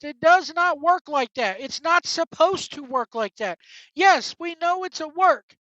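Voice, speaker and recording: A woman with a high voice talks straight at the listener in an exasperated, profane solo rant. The sound is dry and dull, with a lo-fi edge. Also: fairly bright tone, no room sound. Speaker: wrestling commentary host.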